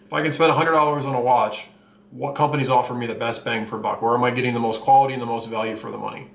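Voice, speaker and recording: A man's voice: mid-range voice, steady tone, racing, creaky. A man hosting his own watch channel, talking candidly to camera with lots of fillers and running a little out of breath. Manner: candid, blunt, rambling with fillers. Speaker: channel host reviewing watches. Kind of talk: casual vlog talk to camera. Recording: echoey room, faint ambience.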